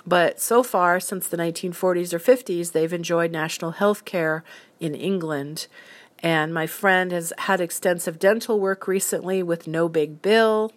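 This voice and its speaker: An earnest woman talks through her views in a relaxed solo monologue, leaning on plain examples to make her case. Her voice sits a little low and stays unhurried, with a firm, opinionated edge. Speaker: solo commentator.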